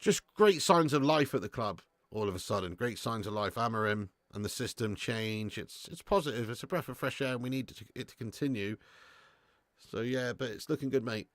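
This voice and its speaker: A man's voice: mid-range voice, lively intonation, brisk, no room sound, studio quality. Chatty man hosting a football stream. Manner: chatty, swears freely, answers viewer chat. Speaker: football watch-along host. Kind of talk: casual live stream chat.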